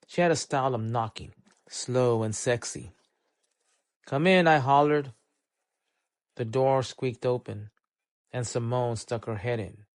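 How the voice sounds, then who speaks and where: A man reading a noir short story aloud, in measured, steady storytelling. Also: mid-range voice, no room sound. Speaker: narrator. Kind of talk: scripted audiobook narration.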